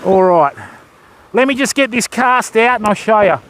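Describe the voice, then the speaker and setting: An older Australian man livestreams himself fishing from a beach, chatting with viewers and thanking them as he casts. His voice is high, expressive and fairly bright at a normal speed. Faint surf noise from the waves carries through the outdoor recording.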